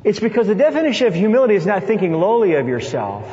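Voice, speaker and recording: A man preaching a sermon in an animated way, with playful asides. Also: high voice, fast talker. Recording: dull sound with long hall reverb.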